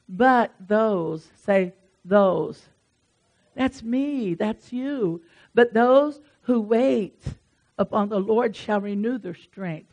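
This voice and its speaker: A woman's voice: medium pitch, a little mellow. A woman preaching a conversational sermon in an earnest, encouraging and folksy way, with asides to her congregation.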